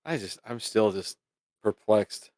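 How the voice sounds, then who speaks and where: A man's voice: lowish voice, lively intonation, slow, darkish tone, dry recording, studio quality. A man co-hosting a live stream, making wry, exasperated asides and reading out viewer comments. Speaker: podcast co-host reading chat. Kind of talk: casual chat on a live stream.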